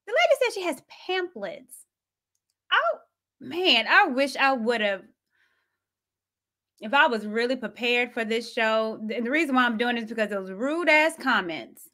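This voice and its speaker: A woman hosting her own commentary show, sassy and animated, with quick asides. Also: fairly high pitch. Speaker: host. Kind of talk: commentary vlog.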